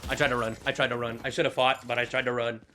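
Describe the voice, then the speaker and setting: Young male streamer with a bright tone, loose and rambling, crude jokes and frequent laughter. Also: medium pitch, little pitch movement, quick pace, a little hiss or hum. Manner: rambling, joking, swearing, laughing often. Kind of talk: live gameplay commentary.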